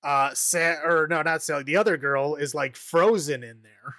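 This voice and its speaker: A man's voice: fairly high pitch, normal speed, sharp tone, dry recording, clean studio sound. A man casually recapping a horror movie on a podcast, rambling, laughing often and acting out the characters' lines. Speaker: podcast co-host.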